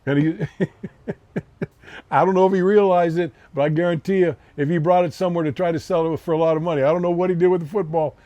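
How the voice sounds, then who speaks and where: A man's voice: fairly high pitch, steady tone, quick pace, warm tone, dry recording, dull audio. A man in his seventies hosting a podcast, telling a story in a casual, rambling way and often repeating himself. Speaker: podcast host.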